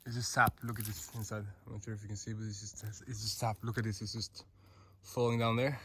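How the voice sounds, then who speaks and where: Against a noisy background, a Norwegian vlogger with a Norwegian accent talks fairly quickly in a lowish voice during a casual walk in a hot forest. He's excitable and gushing, rambling with lots of fillers.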